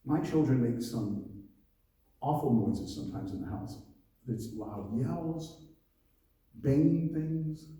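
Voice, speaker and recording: Echoey pastor preaching from afar. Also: male voice, mid-range voice, animated, takes it slowly, pauses often, warm tone. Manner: conversational preaching with laughs and asides. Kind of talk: sermon. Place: church hall. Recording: very echoey church hall, mic at a distance.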